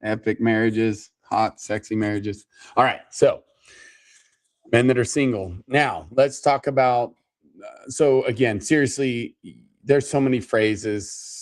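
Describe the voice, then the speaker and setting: A man co-hosting a casual chat as a matchmaker, talking in a playful, teasing and animated way. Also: medium pitch, slow. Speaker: matchmaker and co-host.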